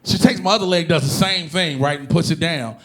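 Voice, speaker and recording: A man performing a stand-up comedy routine on stage, telling animated, profane stories and bursting into shouted impressions. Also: a little high, a little fast. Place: comedy stage before a live audience.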